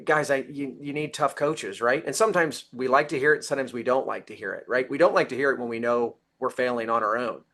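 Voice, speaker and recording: A man's voice: medium pitch, quick pace, few pauses, a bit bright. A man speaking as a guest on a business panel, emphatic and coach-like, often checking in with "right?". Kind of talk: casual panel discussion.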